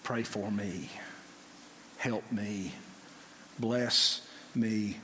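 A preacher acting out a defiant, barking pharaoh. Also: male voice, lowish voice, steady tone, very slow, sharp tone, a little hiss or hum, pitched below the performer's own voice, heavily acted. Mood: pleading. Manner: barking commands. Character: proud defiant male pharaoh, later begging. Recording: long hall reverb.

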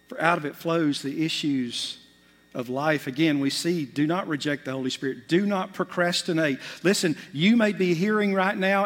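A male pastor delivers an impassioned sermon in a somewhat high voice. He swings between loud, urgent bursts and quiet, hushed asides. The sound carries a long reverb from the large church hall. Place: church sanctuary.

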